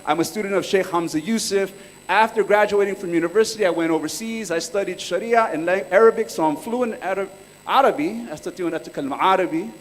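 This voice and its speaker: A man's voice: sits high, rapid-fire. A man in his thirties from California, giving a casual, chatty workshop talk full of slang and stories. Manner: laid-back, chatty storytelling with slang. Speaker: workshop speaker. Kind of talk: casual live presentation. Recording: reverberant hall.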